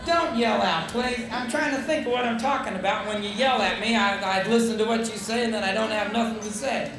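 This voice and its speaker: Brash comic in an echoey club. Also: male voice, high voice, fairly quick. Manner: brash, heckler-baiting. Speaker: stand-up comedian. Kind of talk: live stand-up set. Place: comedy club stage. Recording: echoey club with crowd and noise.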